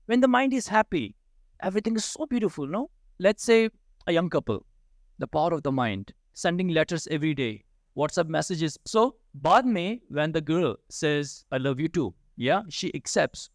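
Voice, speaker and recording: A man's voice: a little high, no room sound, studio quality. A middle-aged man from Ladakh, giving a motivational talk full of personal stories and rhetorical questions, slipping into Hindi phrases. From Ladakh, India. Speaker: Buddhist teacher giving a talk.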